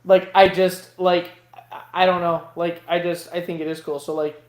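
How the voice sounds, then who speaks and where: A man's voice: high-pitched, little pitch movement, normal speed. A man chatting casually as a guest on a livestream, rambling with lots of fillers and restarts. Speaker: guest vending creator. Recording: echoey room sound.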